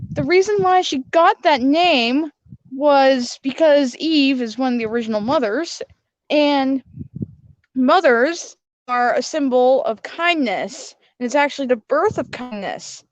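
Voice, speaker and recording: A woman with a high, lively voice talks slowly as she hosts her own video. She explains patiently and then scolds in a corrective way. The sound is dry and close-miked. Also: dry recording, dull audio. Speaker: host presenting her kindness platform. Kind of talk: casual skit and explanation.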